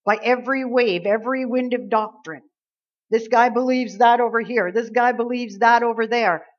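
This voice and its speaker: A woman's voice: a little high, dull audio. Earnest woman preaching a sermon. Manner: earnest, emphatic, quotes scripture.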